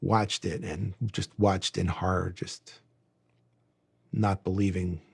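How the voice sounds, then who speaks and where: A man's voice: low-pitched, flat delivery, slow, creaky, husky. A man recounting a wry anecdote in an archival interview clip.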